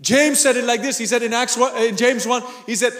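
Male pastor, high voice, lively sermon delivery, bursts of laughter and shouts, echoing church hall. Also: a little fast. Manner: animated, laughing and shouting for emphasis.

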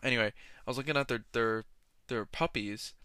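Young male podcast host, rambling jokey rants, smooth voice, dry close sound. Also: mid-range voice, fairly quick, sharp tone, dry recording. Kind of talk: casual solo podcast monologue.

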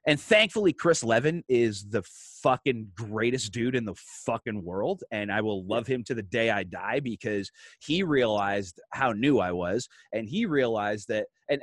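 A young man telling a story in a casual podcast chat, animated, swearing often and restarting his sentences. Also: mid-range voice, no room sound.

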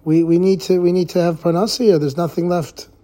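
A man's voice: high voice, steady tone, fairly quick, dark tone, close to an everyday voice. A man acting out a worried family who press a poor man to go back to work, speaking urgently.

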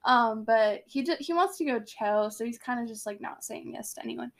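A young woman with a high voice talks through a book in a casual, chatty way. She giggles often and leans on filler words as she recaps. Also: lively intonation, normal speed, creaky. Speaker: podcast co-host.

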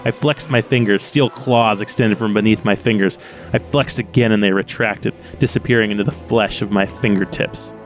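A man's voice: on the low side, fairly even intonation, normal speed, faint music behind. A man hosting a casual book podcast, laughing easily and reading passages aloud. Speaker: podcast host.

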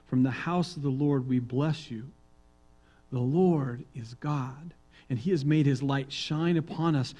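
A male pastor preaching a sermon, reading psalms aloud and swinging between hushed, quiet reading and loud, emphatic proclaiming. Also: mid-range voice, measured pace, rough recording.

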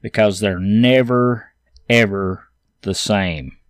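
A man hosting a podcast, reading news stories aloud and adding his own opinions in a casual, halting way with fillers and restarts. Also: lowish voice, no echo, clean studio sound. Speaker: podcast host.

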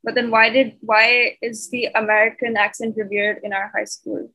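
A woman's voice: on the high side, level tone, normal speed, sharp tone, low-quality recording. A young woman from Pakistan in a casual group discussion, earnest and questioning. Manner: earnest, questioning, many fillers. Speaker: discussion participant.

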